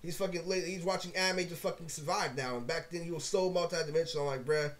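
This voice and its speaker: A man's voice: fairly high pitch, steady tone, quick pace. A young man vlogging a rambling, profanity-heavy rant to camera, full of 'like' and 'literally'. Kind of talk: ranting monologue to camera.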